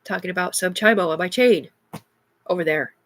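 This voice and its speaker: A woman's voice: on the low side, fairly quick. A middle-aged woman in an agitated, rambling livestream monologue, heavy with profanity.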